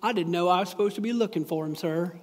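A man putting on a slow, earnest voice as a simple-hearted young Southern man from a film, quickly, in an echoey hall. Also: high-pitched, lightly acted. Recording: echoey hall with long reverb.

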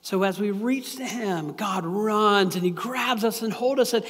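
A man preaching a sermon as a pastor, earnest and animated, often repeating himself. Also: high voice, a little slow. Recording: long hall reverb.

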